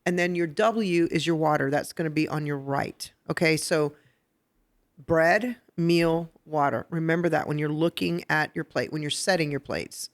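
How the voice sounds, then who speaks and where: A woman hosting a podcast who teaches etiquette step by step, checking in with "okay?" and getting lively and laughing when she tells stories. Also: sits low, moderate pace. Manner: instructive, explains step by step with "okay?" and "right?". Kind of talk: casual podcast chat. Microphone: podcast microphone.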